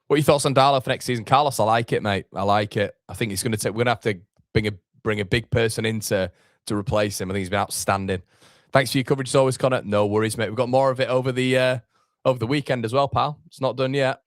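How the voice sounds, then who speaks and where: A man's voice: medium pitch, steady tone, quick pace, dry recording, studio quality. A man hosting a live football watchalong, chatting casually, reading out viewer comments and reacting to the match. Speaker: fan channel host.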